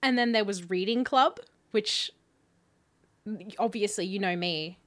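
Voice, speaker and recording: A woman's voice: medium pitch, unhurried. Chatty woman telling stories. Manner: chatty storytelling, laughs often. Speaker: podcast co-host. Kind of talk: casual chat.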